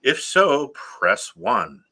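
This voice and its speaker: A man's voice: medium pitch, very animated, pushed and bright, breathy edge, voice pushed up, heavily acted. A man putting on the voice of an automated customer-service phone bot reading its menu prompts. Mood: chirpy scripted. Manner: chirpy menu prompts, drawn-out.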